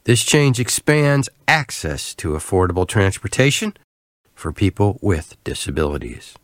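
A man's voice: deep voice, sing-song, no echo. Dry-voiced male transit announcer. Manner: clear, measured, spells out web and phone details. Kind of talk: scripted public service announcement.

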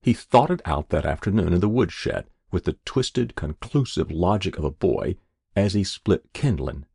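Deep gravelly male audiobook narrator. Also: no room sound. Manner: expressive, measured storytelling. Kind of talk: scripted story narration.

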